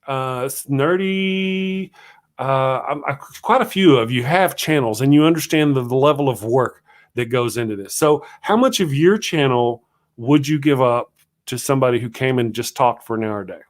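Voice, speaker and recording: A man's voice: medium pitch, animated, brisk. A man hosting a solo livestream morning show, talking casually and ranting in a rambling, self-deprecating way.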